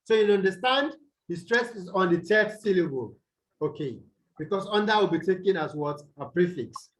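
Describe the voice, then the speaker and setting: A man's voice: high voice, expressive, normal speed, slight background noise, rough recording. A Nigerian man teaching English over a video call, repeating points and quizzing his students with "what?" prompts. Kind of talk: online tutorial lecture.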